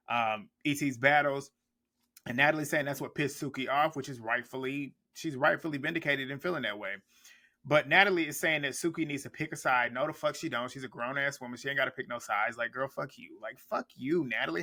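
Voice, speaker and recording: A man's voice: medium pitch, sharp tone. A man recapping a reality TV episode in a casual reaction vlog, blunt and profane, laughing often as he talks.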